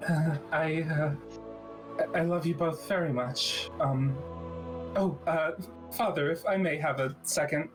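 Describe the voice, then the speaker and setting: A man's voice: on the high side, unhurried, music in the background. Hesitant, polite male player. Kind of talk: tabletop role-play in character.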